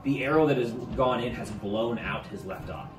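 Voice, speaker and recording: A man narrating a tabletop game as game master, halting now and then and repeating words. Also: medium pitch. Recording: roomy, distant mic, faint music.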